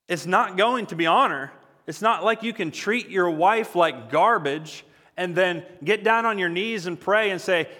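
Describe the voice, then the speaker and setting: A male pastor with a somewhat high, bright voice preaches an unhurried, earnest sermon in a conversational style, building to forceful, emphatic peaks. The long reverb of a large hall rings around him.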